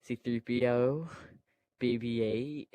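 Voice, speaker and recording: Man, casual movie retelling, rambling, hesitant, slow, dry close sound. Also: mid-range voice, steady tone, warm tone, clean tone, dry recording. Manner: hesitant, meandering, many fillers and restarts; breaks off to make playful sound effects. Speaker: storyteller.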